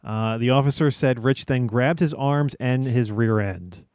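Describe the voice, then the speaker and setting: A man's voice: mid-range voice, measured pace, darkish tone, clean tone, no echo, clean studio sound. A man on a casual comedy podcast, reading out strange news items with frequent "uh"s. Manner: reads news items with filler "uh"s.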